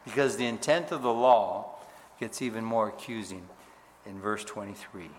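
A man preaching a sermon with emphatic rises and hushed drops. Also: on the low side, normal speed, slight background noise. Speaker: pastor. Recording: hall reverb.

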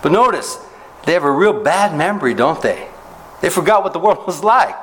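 A man's voice: moderate pace, a little hiss or hum, poor audio. Conversational preaching man, rhetorical questions. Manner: animated rises in pitch when making a point. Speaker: pastor. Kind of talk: expository sermon.

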